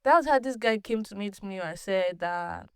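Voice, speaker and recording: A woman hosting her own podcast, telling a personal story in a casual, animated way, laughing often and restarting sentences. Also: mid-range voice, moderate pace, clear, resonant tone, no room sound, studio quality. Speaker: podcast host.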